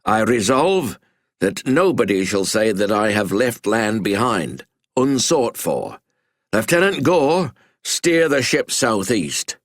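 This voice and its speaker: A cutting, commanding sea captain, stern and sardonic, as a man reads him aloud in a history story. His voice sits low and close in a dry room with no echo. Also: sing-song, moderate pace.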